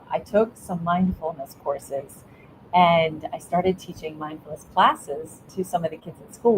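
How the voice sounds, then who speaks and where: A middle-aged woman speaks in a fairly low voice, giving earnest advice to parents as an interview guest. She often stumbles and restarts mid-sentence, with a faint rumbling hiss beneath her. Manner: earnest, warm coaching tone with frequent restarts. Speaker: guest, educator.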